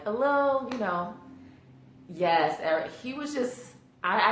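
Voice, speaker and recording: A woman's voice: low-pitched, reverberant, a little hiss or hum. A woman career coach hosting a casual live stream, chatty and greeting viewers by name, sleepy from allergies.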